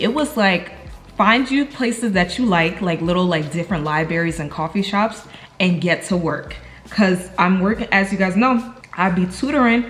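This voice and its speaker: A young woman from New York with a New York accent, chatting casually to her viewers at home in a slangy, talkative way. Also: on the low side. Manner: chatty, slangy, talks straight to viewers as "y'all". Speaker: vlogger. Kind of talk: casual chat to camera.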